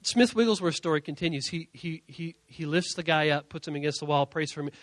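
A young male youth pastor telling a story in a sermon, animated, dropping to quiet asides and then rising to shouts. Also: on the high side, fairly quick, dry recording.

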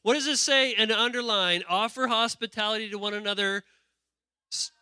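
Man, pastor, very bright and sharp voice, dry close sound, playful sermon with asides. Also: high voice, normal speed, smooth, no echo. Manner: playful, calls out to the congregation; reads scripture aloud with asides. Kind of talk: lively sermon.

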